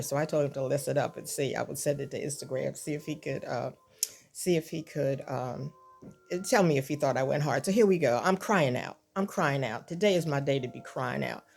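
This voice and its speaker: Low-voiced older woman preaching. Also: vocal fry, a little mellow. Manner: impassioned and repetitive, rising to pleading cries. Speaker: online devotional host. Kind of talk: spoken devotional message.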